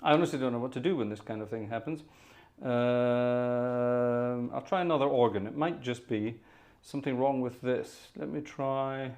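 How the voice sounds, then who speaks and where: Guy hosting a live organ stream, chatty, mutters to himself while fixing his setup, mid-pitched voice. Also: fairly quick, hardly any pauses, a little mellow. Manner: chatty, narrating his own tech troubleshooting; exasperated muttering asides. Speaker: organ music livestream host. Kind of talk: casual live-stream chat.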